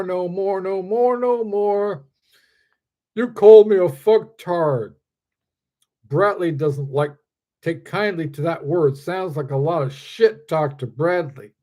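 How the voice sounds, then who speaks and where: A man doing a dim hulking strongman, loud and high. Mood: indignant. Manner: talks of himself in the third person, crude broken grammar. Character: dim-witted hulking male circus strongman.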